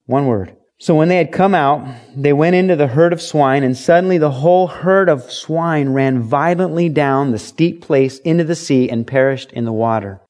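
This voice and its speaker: A middle-aged man preaching a sermon with an easy, conversational delivery. His voice sits at an ordinary middle pitch. He slips into quoted voices and reads scripture aloud. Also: moderate pace, darkish tone. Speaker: pastor.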